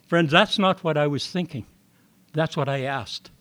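A man's voice: on the high side, measured pace, a bit bright. An older man telling a personal testimony to an audience in a meeting hall, with plain folksy storytelling and acted-out dialogue. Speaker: recovery meeting speaker.

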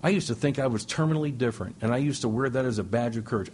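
A middle-aged man speaking to a recovery meeting, telling stories with jokes and sudden excited jumps in his voice. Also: rapid-fire, a little hiss or hum. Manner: animated, joking, with sudden high-pitched exclamations. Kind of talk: humorous storytelling share. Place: speaking before a meeting audience.

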